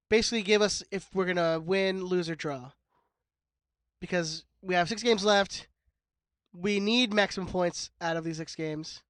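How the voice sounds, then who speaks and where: A man's voice: sits high, fairly bright tone, clean tone, no room sound, clean studio sound. A man, sick with a cold, co-hosting a casual sports podcast and joking and swearing freely. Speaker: podcast co-host.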